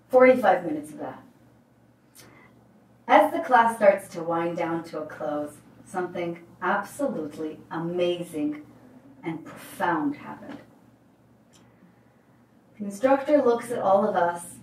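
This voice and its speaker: A woman who works as a life coach, telling a motivational story in an emphatic, animated way. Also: lowish voice, a little slow. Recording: roomy, distant mic.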